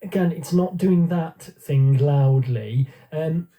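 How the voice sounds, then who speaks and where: A man's voice: a little high, slow pace, dark tone. Amused male radio co-host, distant mic. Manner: amused, reading out listener texts. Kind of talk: casual radio banter.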